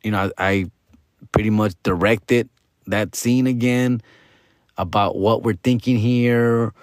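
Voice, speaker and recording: A man's voice: fairly low pitch, steady tone, unhurried, dry recording, clean studio sound. A man hosting a comedy podcast, telling a rambling story full of street slang and repeated restarts. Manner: slangy, rambling, calls the listener dog and fool. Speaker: podcast host.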